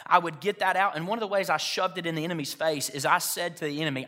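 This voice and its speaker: A man preaching a sermon to a church congregation, moving from hushed personal storytelling to loud emphatic exhortation. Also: fairly high pitch, steady tone, fast, hardly any pauses. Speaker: pastor.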